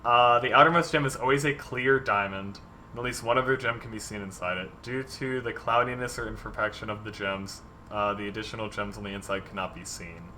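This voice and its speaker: A dungeon master streamer designs tabletop game monsters live, chatting casually in a rambling way full of ums and reading viewer ideas aloud. His voice is lowish, brisk and bright, with a forceful tone and slight background noise.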